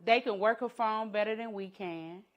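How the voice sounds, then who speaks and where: A middle-aged woman shares her personal journey in a conference talk. She tells it dramatically, with her voice falling soft and low at the heaviest moments. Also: moderate pace, muffled recording. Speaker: entrepreneur and educator giving a talk. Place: conference room.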